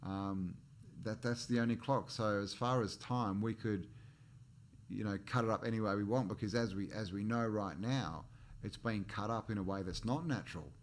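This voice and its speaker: A man's voice: fairly low pitch, normal speed, a little hiss or hum. A man hosting a casual livestream chat, rambling between topics and greeting viewers in the chat with frequent restarts and chuckles. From Australia. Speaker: channel host.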